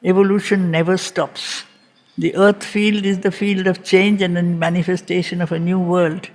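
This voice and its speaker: A woman's voice: lowish voice, little pitch movement, normal speed, darkish tone. A woman teaching a reading group, giving a spiritual lecture on a poem and repeating phrases for emphasis. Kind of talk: slow spiritual lecture on poetry.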